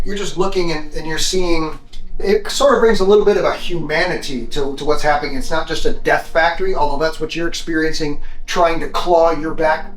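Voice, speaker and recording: A man narrating as game master of a tabletop game, in a loose rambling way with many restarts. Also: on the high side.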